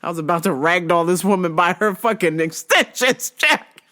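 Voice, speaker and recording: A woman hosting a podcast, telling a story in a profane, animated way and laughing often. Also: on the low side, moderate pace. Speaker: podcast host. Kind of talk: casual comedic storytelling.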